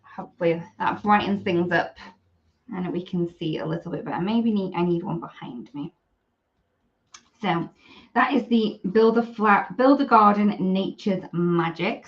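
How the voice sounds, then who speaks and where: A woman's voice: lowish voice, muffled recording. Chatty woman demoing crafts. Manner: chatty, apologetic, talks while working. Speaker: craft demonstrator. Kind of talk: live-stream product demo.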